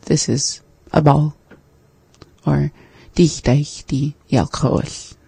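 Lesson co-host, slow even delivery, gravelly and mellow, practicing vocabulary aloud. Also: medium pitch, no room sound. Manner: slow, flat, deliberate, practices words by repeating them. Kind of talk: language lesson conversation.

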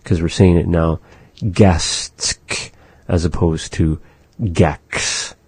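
A man teaching vocabulary in a language lesson, slowly explaining phrases and modeling pronunciation for learners to repeat. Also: sits low, completely flat delivery, dark tone, breathy edge, dry recording. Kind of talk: language lesson with repetition drills.

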